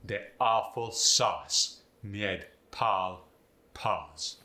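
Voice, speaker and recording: A man putting on a West African accent, speaking example sentences slowly and deliberately and stressing every syllable. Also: lowish voice, pushed and bright, roomy sound, exaggerated voice. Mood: demonstrating.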